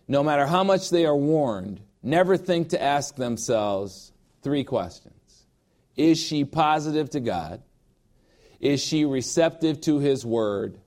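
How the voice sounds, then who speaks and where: A pastor preaching a sermon in an emphatic, emotional way, with personal asides and repeated phrases. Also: male voice, fairly high pitch, darkish tone.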